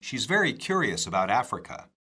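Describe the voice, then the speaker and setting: A man reading scripted dialogue for an English lesson, slow, clear and careful. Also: medium pitch, big pitch swings, sharp tone.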